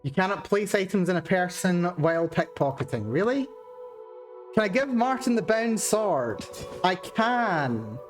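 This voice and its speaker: A woman's voice: on the low side, very animated, unhurried, soft background music. A woman streamer giving chatty, amused commentary while playing a game.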